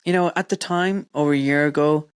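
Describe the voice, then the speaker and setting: A man hosting a podcast, telling stories in a casual, animated way and swearing freely. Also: fairly quick, clear, resonant tone, dry recording, studio quality. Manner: animated storyteller, swears freely, voices his wife and mother in high tones. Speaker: podcast host. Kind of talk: casual chat.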